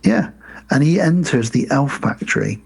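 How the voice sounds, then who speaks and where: A man co-hosting a podcast, casually recapping a film plot and slipping into quick mock voices. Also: fairly high pitch, animated, gravelly, slightly rough. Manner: retells scenes with quick mock voices and laughs. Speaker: podcast co-host.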